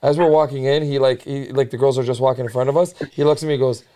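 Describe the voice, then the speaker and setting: A man hosting a casual chat, telling a crude story in an animated, laughing way. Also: mid-range voice, fast. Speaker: podcast host.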